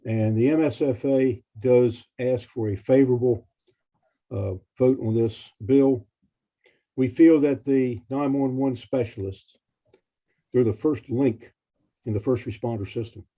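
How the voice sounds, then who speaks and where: A man's voice: medium pitch, unhurried, mellow. A man giving emotional, earnest testimony at a legislative hearing as a committee chairman. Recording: dull lo-fi hearing stream.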